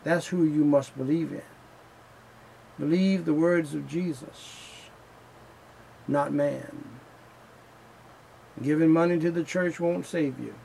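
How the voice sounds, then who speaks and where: A man preaching a sermon in a slow, emphatic style, returning again and again to the same refrains. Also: fairly high pitch, steady tone, gravelly, mellow, a little hiss or hum, low-quality recording.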